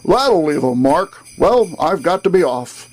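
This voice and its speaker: A man voicing a drunken, boastful old Santa figure on a boat, loud and jovial in a comic rhyming poem. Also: on the high side, sing-song, unhurried, faint music behind, voice pushed up. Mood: boozy, jolly.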